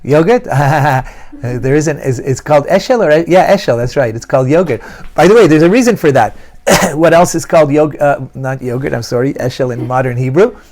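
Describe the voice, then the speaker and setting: A man's voice: a little high, animated, fairly quick, darkish tone. A man teaching a Torah class to students, asking them questions and repeating key phrases as he explains a verse.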